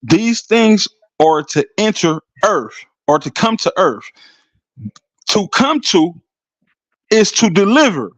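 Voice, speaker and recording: A man's voice: sits high, very animated, slow pace, fairly bright tone, no room sound. A man in a heated debate who talks over others and repeats himself insistently. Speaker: debate participant.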